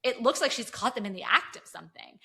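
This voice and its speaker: A woman co-host weighs in on a TV episode with eager, firm opinions in relaxed conversation. Her voice is bright and a little high. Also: fast talker, creaky. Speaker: podcast co-host. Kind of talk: casual TV recap chat.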